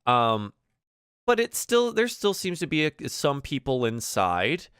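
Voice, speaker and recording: Slow, lively-voiced woman game master. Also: deep voice, smooth, dry recording, studio quality. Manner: relaxed, chatty narration with fillers and laughter. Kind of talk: narrating a tabletop game.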